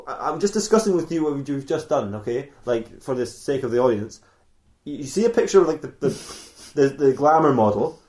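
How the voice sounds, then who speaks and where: A man's voice: mid-range voice, lively intonation, brisk, darkish tone. A man, hosting a podcast and telling an improvised comedy story in a rambling way, often laughing and restarting his sentences. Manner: rambling, with many self-interruptions and restarts; laughs often while talking. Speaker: podcast host.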